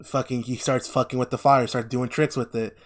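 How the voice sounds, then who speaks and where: A man's voice: mid-range voice, level tone, brisk. A young man co-hosting a podcast in casual chat, swearing freely and laughing often as he retells scenes. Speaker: podcast co-host.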